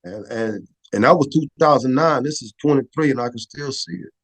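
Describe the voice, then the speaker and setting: A man's voice: mid-range voice, brisk. Conversational man telling a war story. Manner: conversational, repeats "right?" and restarts words. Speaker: podcast guest, former Air Force photographer. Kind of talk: emotional storytelling in an interview.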